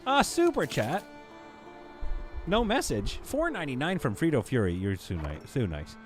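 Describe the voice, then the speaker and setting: A man thinks out loud as he plays a city-building game, rambling and poking fun at his own mistakes. His voice sits at an average pitch, and steady game music plays underneath. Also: fairly quick. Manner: rambling, self-deprecating, thinks aloud. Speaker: gaming streamer. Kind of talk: casual live game commentary.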